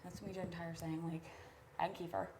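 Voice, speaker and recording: Hushed woman talking game strategy quietly. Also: fairly low pitch, little pitch movement, quick pace, a little hiss or hum. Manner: quiet, hushed scheming with many fillers. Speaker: reality show houseguest.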